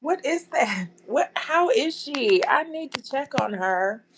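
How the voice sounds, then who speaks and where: A woman's voice: high-pitched, animated, slow pace, background noise. A woman hosting a casual live stream, chatting loosely and calling her viewers y'all.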